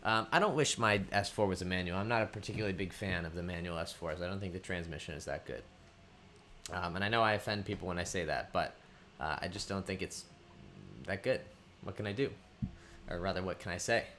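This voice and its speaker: A man with a fairly low voice hosts a relaxed live stream from home and calls out viewers by name. He rambles along with frequent ums and restarts. A faint hum sits under his desk mic. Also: a little fast. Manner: chatty, greets viewers by name, thinks aloud with ums. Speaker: livestream host. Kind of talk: casual livestream chat.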